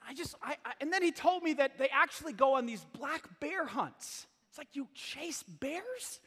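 A man's voice: very high-pitched, lively intonation, normal speed, pushed and bright. A male pastor preaching a sermon, telling self-deprecating stories in a chatty way with laughs. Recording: hall reverb.

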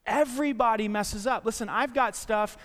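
Middle-aged male pastor, high voice, storytelling sermon, joking asides, long hall echo. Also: moderate pace. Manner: animated storytelling with self-deprecating asides and restarts. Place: church sanctuary.

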